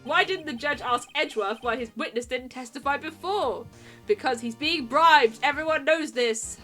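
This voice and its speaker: A woman streaming a video game, chatting casually with viewers in a giggly, excitable way. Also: high voice, normal speed, faint music behind. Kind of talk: casual live-stream commentary.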